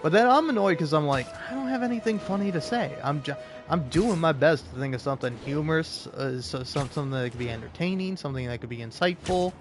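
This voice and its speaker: A young male streamer talks in a slightly high voice, rambling and cursing as he jokes about himself. Faint game music runs behind him. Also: fast. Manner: rambling, swearing, self-deprecating. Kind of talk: casual livestream chat.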